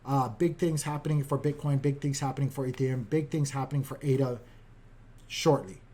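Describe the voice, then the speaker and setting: A man, a father of a young child, giving a casual, upbeat market recap in quick, chatty commentary. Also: mid-range voice, dark tone. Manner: upbeat, keeps saying "guys", talks fast.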